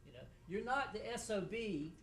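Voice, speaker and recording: A middle-aged man, a judge, giving halting feedback with dry humor to students after a mock trial in a courtroom. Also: high-pitched, animated, heavy background noise. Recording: echoey room, voice from a distance.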